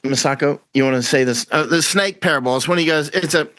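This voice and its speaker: A man's voice: on the high side, fast talker, fairly bright tone, no room sound. Man talking in a dry, close voice. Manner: rambling, repeats words, acts out quoted voices. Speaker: guest commentator. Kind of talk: casual conversational interview.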